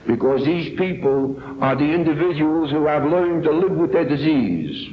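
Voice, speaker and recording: A man's voice: fairly high pitch, lively intonation, moderate pace, slight background noise. A man from New York giving an earnest, emphatic personal testimony at a recovery meeting. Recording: echoey, dull 1970s tape recording.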